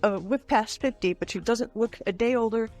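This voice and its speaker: A woman's voice: a little high, normal speed, a little mellow, soft background music. A woman in her forties co-hosting a podcast in casual, jokey chat, laughing often and poking fun at herself. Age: 40s. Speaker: podcast co-host.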